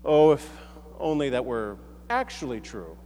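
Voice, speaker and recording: A man's voice: medium pitch, big pitch swings, a little slow, warm tone. An American man preaching a sermon in a large hall, conversational and self-deprecating, with frequent restarts. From United States. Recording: echoey hall.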